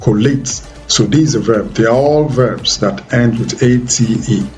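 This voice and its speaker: A man's voice: medium pitch, moderate pace, darkish tone, faint music behind. A man teaching an exam-prep English lesson, explaining pronunciation rules step by step in a methodical way. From Nigeria. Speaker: English tutor.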